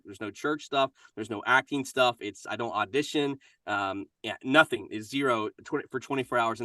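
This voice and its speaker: A man's voice: medium pitch, bright, forceful tone, dry recording, studio quality, far from the mic. A middle-aged man, a voice actor and minister, talking casually and energetically in an interview.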